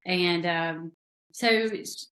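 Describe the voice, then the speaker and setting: A woman's voice: lowish voice, very slow, fairly bright tone. A woman author with a South Carolina accent, a guest on a podcast, talking casually and rambling with many fillers. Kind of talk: casual interview chat.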